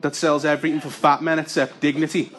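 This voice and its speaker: A young man doing a stand-up comedy set, deadpan, breaking into loud character voices. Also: on the high side, fast talker. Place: comedy club with audience laughter. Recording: live gig with audible noise.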